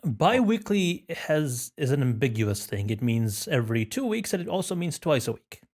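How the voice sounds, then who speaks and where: A man co-hosting a casual podcast, explaining things in a measured, careful way. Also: mid-range voice, very animated, a little mellow. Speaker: podcast co-host.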